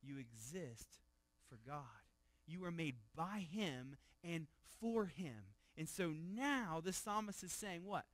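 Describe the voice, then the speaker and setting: Higher-pitched pastor preaching a sermon. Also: male voice, lively intonation, slow, no room sound. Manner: conversational, repeats words, asks the room questions; swings from loud emphasis to hushed low tones.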